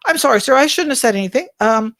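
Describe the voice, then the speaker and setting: A woman's voice: high-pitched, expressive, fast, creaky, a bit bright, dry recording, clean studio sound, voice pushed up, exaggerated voice. A woman voicing a meek, polite young female shop assistant who speaks hesitantly and apologetically.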